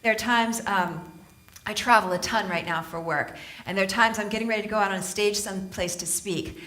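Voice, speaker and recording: A woman from Southern California giving a humorous inspirational talk on stage to a live audience, telling animated stories and laughing often. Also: mid-range voice, brisk. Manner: animated storytelling, laughing often, playful asides. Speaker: motivational speaker and author.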